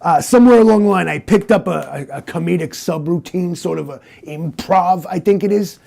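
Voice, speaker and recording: A man puts on a gruff, cocky cyborg detective in an improvised comedy interrogation. His voice is gravelly and dark but sits a little high. He drawls, rambles and keeps saying the name of the man he is talking to. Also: a little fast. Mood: smug.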